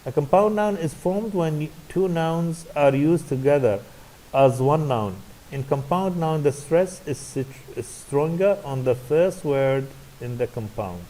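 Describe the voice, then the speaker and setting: A man's voice: a little high, animated, measured pace, mellow, low-quality recording. A male university English lecturer with an Iraqi Arabic accent, a native Arabic speaker, giving a recorded classroom lecture that is hesitant and full of fillers. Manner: hesitant, many fillers and restarts.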